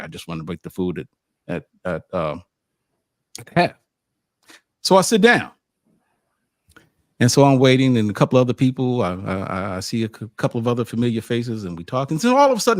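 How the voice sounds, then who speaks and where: A man tells a sports-trip story in a casual, animated way, his pitch swinging up and down as he jumps into lively asides. He often stammers and restarts his sentences. His voice sounds close and dry, with little room sound. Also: dry recording. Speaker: publisher recounting a game trip.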